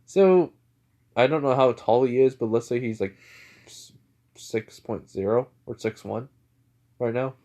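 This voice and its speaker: A young man making up a fan story on the fly, rambling and full of fillers. His voice sits at a middle pitch, casual and unpolished. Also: a little slow, long pauses, dark tone. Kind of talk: improvised story narration.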